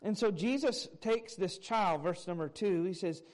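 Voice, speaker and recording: High-voiced conversational male pastor. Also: normal speed, a little mellow. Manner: conversational, folksy storytelling with fillers. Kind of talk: sermon. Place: church sanctuary.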